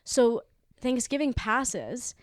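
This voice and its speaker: A woman's voice: fairly high pitch, big pitch swings, takes it slowly, no room sound, studio quality. A young woman co-hosting a podcast, telling a frank story in casual chat, swearing freely and acting out the quotes. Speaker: podcast co-host. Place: indoors, room at home.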